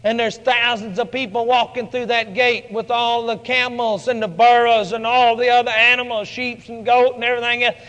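A man preaching a sermon, telling the story dramatically and building to shouted lines. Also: very high voice, level tone, normal speed, hardly any pauses, in a large hall.

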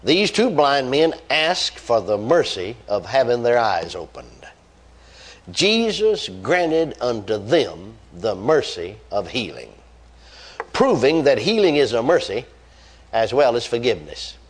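A man's voice: mid-range voice, big pitch swings, slow pace. Guy preaching a sermon, reads verses then hammers it home, voice goes up and down a lot. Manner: reads scripture aloud then stresses points with rising emphasis; repeats phrases, fervent exclamations.

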